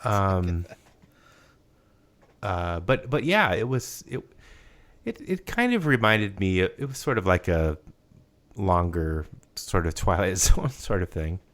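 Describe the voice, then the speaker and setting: Low-voiced rambling man. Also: big pitch swings, slow, pauses often, fairly bright tone. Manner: rambling, hesitant, many restarts and fillers. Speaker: podcast co-host. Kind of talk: casual chat.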